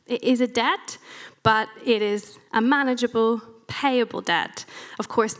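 Woman preaching a conversational sermon. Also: fairly high pitch. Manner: conversational, wry asides, reads scripture aloud.

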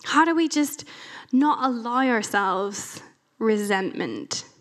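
A woman's voice: fairly high pitch, takes it slowly. Irish woman preaching a casual church talk. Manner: conversational, animated, self-deprecating asides.

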